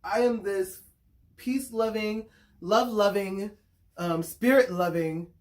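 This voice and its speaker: A woman's voice: mid-range voice, slow pace. A woman talking to the camera in a casual monologue, frank and blunt, swearing freely, repeating words as she thinks and often checking in with her listeners. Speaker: spiritual consultant and vlogger.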